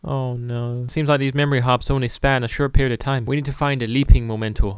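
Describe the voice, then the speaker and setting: A man's voice: mid-range voice, steady tone, quick pace, few pauses, clean tone, dry recording. A man giving comedic let's-play commentary over a story game, full of sarcastic asides. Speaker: gaming video creator.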